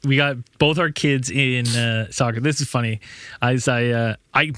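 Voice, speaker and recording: A man's voice: mid-range voice, steady tone, normal speed, fairly bright tone, smooth, no echo. A man in his thirties, a podcast host, telling rambling stories in casual chat, swearing often and laughing a lot.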